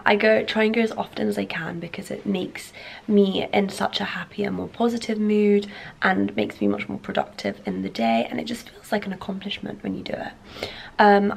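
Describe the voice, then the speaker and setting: A young woman chatting to camera in a casual vlog, croaky with morning voice and rambling with ums and likes. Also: mid-range voice, a little hiss or hum, low-quality recording. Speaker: vlogger.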